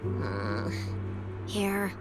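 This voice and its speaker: A woman's voice: rumbling low, big pitch swings, very slow, exaggerated voice. An actress voicing Cecilia, a playful, food-loving young female public security specialist in a video game, teasing and joking as she talks. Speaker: game character. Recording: game audio with music behind.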